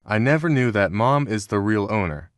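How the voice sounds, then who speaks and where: A man voicing a remorseful stepmother who pleads for forgiveness in a read-aloud story, in an even, measured delivery. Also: lowish voice, dry recording, clean studio sound, lightly acted. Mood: pleading.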